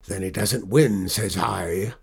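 A man voicing a gruff, defeated male pirate captain with a low, growling pirate dialect. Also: slow, full character voice. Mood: sullen.

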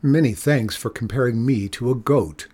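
A man voicing a weary, proud old woman who feeds stray cats, sharp and taunting in her speech. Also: medium pitch, normal speed, husky, lightly acted. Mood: dry.

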